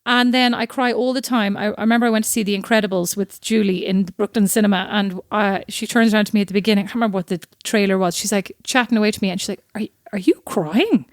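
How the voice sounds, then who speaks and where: A woman's voice: mid-range voice, fairly even intonation, rapid-fire, hardly any pauses, no room sound, clean studio sound. A woman co-hosting a podcast, casually telling self-mocking stories and laughing at herself. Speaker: podcast co-host. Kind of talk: casual chat.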